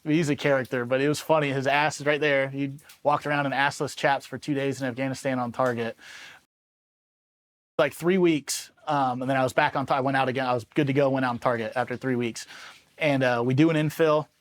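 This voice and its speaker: A man in his thirties from Los Angeles, a former soldier telling war stories in a loose, casual way, full of filler words and quick laughs. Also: mid-range voice, steady tone. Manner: loose and conversational, full of "like" and "you know what I mean", laughs often. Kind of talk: casual first-person storytelling.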